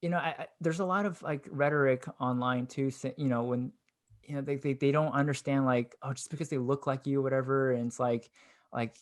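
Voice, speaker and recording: A man's voice: medium pitch, fairly even intonation, a little fast. A young adult man co-hosting a casual podcast chat, reflective and loaded with "like" fillers as he thinks aloud. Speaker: podcast co-host.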